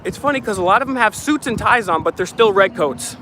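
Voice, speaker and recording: A man's voice: high voice, lively intonation, brisk, noisy background. A man vlogging live with a handheld phone outdoors at a public event, heckling and accusing officials in a confrontational rant. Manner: heckling, accusatory, shouting boos. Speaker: activist vlogger filming a protest. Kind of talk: live protest vlog commentary. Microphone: phone held while filming.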